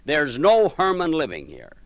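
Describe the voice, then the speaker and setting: A man's voice: a little high, huge pitch swings, unhurried, no echo, voice pushed up, heavily acted. A man voicing an annoyed woman who answers her phone and scolds a caller, in an exasperated, scolding manner. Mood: angry.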